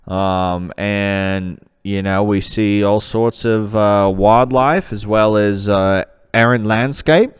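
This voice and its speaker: A man's voice: fairly low pitch, slow pace, few pauses, smooth. A man putting on an Australian accent as a bushman from the outback, rambling with many hesitations. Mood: mock earnest. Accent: put-on Australian. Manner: rambling, hesitant, full of ums.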